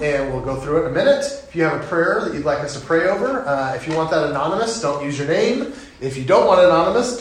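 A middle-aged man preaches in an earnest, conversational way, leaning in to encourage his congregation. His voice sits a little high for a man. The church sanctuary adds a heavy echo. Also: a little hiss or hum. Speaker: pastor. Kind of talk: sermon. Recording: very echoey sanctuary.

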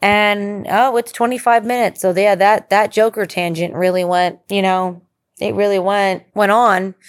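A woman hosting her podcast, rambling casually through the sign-off in a chatty, easygoing way. Her voice sits at an ordinary middle pitch. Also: fairly even intonation, unhurried. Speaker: podcast host.

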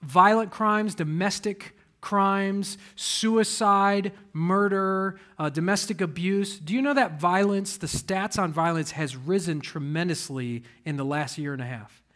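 A fairly high-voiced man preaches to his church in a conversational sermon. He talks straight to the congregation, punching key words and throwing out questions for them to answer. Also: measured pace, hardly any pauses, fairly bright tone. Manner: emphatic, direct, addresses the congregation with rhetorical questions. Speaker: pastor.

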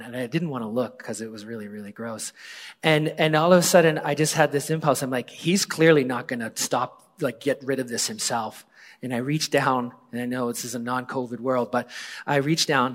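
A man in his forties, a pastor, telling a personal story in a conversational sermon, often dropping to a hushed voice. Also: mid-range voice, moderate pace. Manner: conversational, drops to hushed tones for quoted moments. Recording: long hall reverb.

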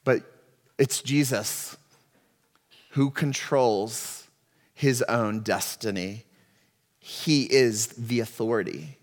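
A man preaching a sermon as pastor, moving from quiet, reflective passages to loud, impassioned ones. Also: medium pitch, very slow, long pauses. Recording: long hall reverb.

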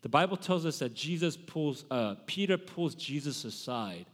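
A man's voice: a little high, animated, moderate pace, in a large hall. A male pastor giving a sermon in a conversational way, often correcting himself mid-sentence. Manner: conversational preaching with self-corrections.

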